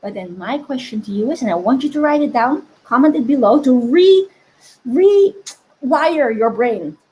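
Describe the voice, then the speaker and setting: High-pitched woman doing a live coaching stream, keeps asking the viewers stuff. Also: moderate pace, low-quality recording. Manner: energetic, asks the audience questions. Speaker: money coach.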